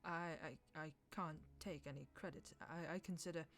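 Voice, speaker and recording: A woman doing a gruff, proud civil servant. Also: measured pace. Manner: low, clipped and stammering.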